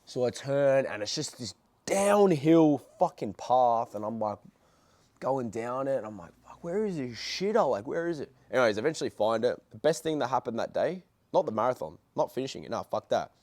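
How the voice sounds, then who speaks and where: A man's voice: mid-range voice, moderate pace, dry recording. Young guy cursing his way through a story, blunt and worked up, dry close sound. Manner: heavy swearing, excitable and blunt. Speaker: vlogger. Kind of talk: casual storytelling.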